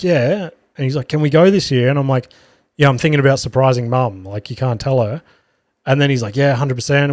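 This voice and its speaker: A podcast host with an Australian accent and a mid-range voice shares a casual story in the studio. The recording is dry and clean, and he swears while quoting others.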